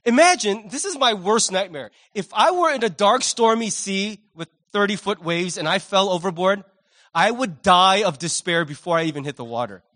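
A male pastor preaching a Sunday sermon, telling a vivid story with humor and lively energy. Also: sits high, moderate pace.

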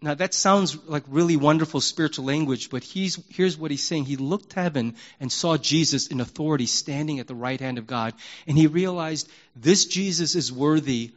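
A man preaching a sermon as a pastor, animated and emphatic, moving between loud and hushed delivery in a candid, conversational way. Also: a little high, muffled recording. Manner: conversational and candid, acts out prayers in his own voice.

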